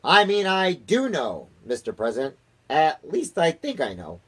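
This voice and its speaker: A man voicing a fawning male spy chief in a high falsetto, reading a storybook aloud. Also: wildly swooping pitch, unhurried, slightly rough, heavily acted.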